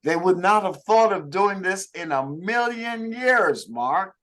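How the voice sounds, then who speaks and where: Emphatic middle-aged male coach, slow deliberate delivery, preachy, talks straight to his group. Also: high voice, expressive, fairly bright tone. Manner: emphatic, preacherly, addresses listeners by name. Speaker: network marketing coach. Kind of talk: motivational talk to a group.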